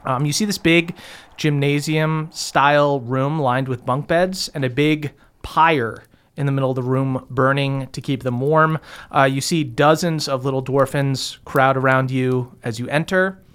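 Running a tabletop game, a male game master narrates casually and fills his speech with fillers. His mid-range voice is clean in tone, with a measured pace.

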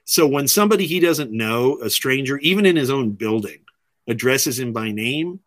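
A man, a filmmaker guest, telling lively stories in a casual interview, often restarting his sentences. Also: medium pitch, moderate pace, no room sound. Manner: lively anecdotal, many restarts.

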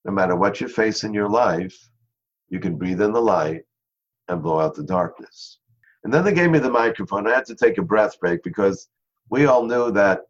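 A man guest in an interview, telling a story in an earnest way and slowing down on key phrases. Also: lowish voice. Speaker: interview guest, charity founder. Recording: dull lo-fi sound.

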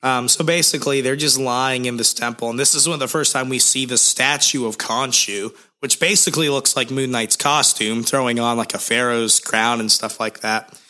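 A man's voice: medium pitch, fairly even intonation, normal speed, pushed and bright. A young man co-hosting a podcast, recapping a comic in a rambling, jokey way with lots of fillers. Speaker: podcast co-host.

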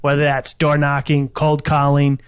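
A man's voice: on the high side, completely flat delivery, moderate pace, clear, resonant tone, no room sound. A male podcast host with a slightly raised voice, reflecting and giving advice in an easy coaching manner. It is recorded close and dry. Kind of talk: conversational interview.

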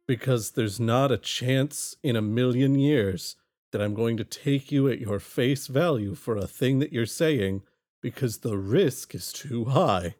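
A man's voice: medium pitch, a little mellow, soft background music, lightly acted. A man voicing a wary, distrustful son. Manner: guarded, deliberate. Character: distrustful grown son, man, young adult.

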